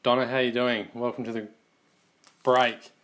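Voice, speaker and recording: A man's voice: medium pitch, little pitch movement, moderate pace, a bit bright. An Australian man hosting a live trading card box break, calling out teams and players in an easygoing running commentary.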